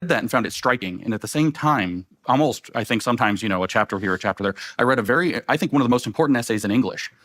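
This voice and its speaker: A man in a conversation who explains ideas in a quick, lecturing flow and corrects himself as he goes. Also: medium pitch, lively intonation, fairly bright tone, no room sound. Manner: fast, lecturing, self-correcting. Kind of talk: intellectual discussion.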